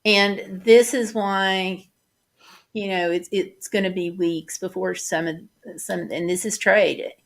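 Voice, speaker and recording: A woman vlogger talking casually, halting and restarting as she describes flood damage. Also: mid-range voice, fairly even intonation, gravelly. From United States. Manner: chatty, halting, many restarts and fillers. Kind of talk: casual chat over photos.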